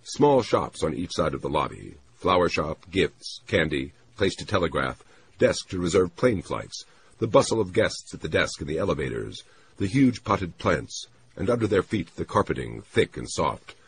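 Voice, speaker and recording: A man doing scripted audiobook narration, expressive and voicing characters. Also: low-pitched, normal speed, creaky, a little hiss or hum.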